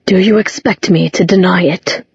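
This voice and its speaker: A woman's voice: lowish voice, fairly even intonation, normal speed, vocal fry, darkish tone, breathy edge, no room sound, heavily acted. A woman voicing a villainous father in an audiobook, languid but threatening. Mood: menacing. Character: cold, menacing adult man, a villainous father. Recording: dull, muffled recording.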